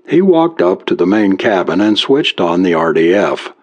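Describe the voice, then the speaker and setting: Low husky male storyteller. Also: sing-song, normal speed, few pauses. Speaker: narrator. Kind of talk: audiobook narration. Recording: muffled lo-fi recording.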